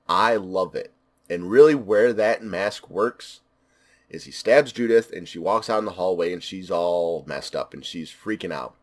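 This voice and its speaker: A man talks through a film in a loose, unscripted review. His voice sits on the lower side, and he leans on repeated words to stress what he loves. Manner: enthusiastic, emphatic repetition. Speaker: movie reviewer. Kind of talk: casual spoken film review.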